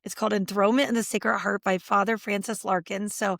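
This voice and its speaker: A middle-aged woman speaks as an interview guest, telling animated stories and acting out what people said. Her voice sits at a middle pitch, and the recording is close and dry with no room sound. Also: fairly quick, creaky, no room sound. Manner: animated storytelling, acts out quotes. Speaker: guest, Catholic speaker and author. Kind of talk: conversational interview.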